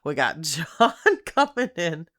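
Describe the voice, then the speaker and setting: A woman's voice: low-pitched, very animated, slow, fairly bright tone. A woman co-hosting a podcast, chatting casually, giggling and reacting with gasps. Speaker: podcast co-host. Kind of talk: casual chat about reality TV.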